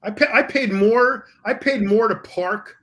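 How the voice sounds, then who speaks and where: A man co-hosting a casual talk radio show, chiming in with quick remarks. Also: sits high, a bit bright. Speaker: co-host.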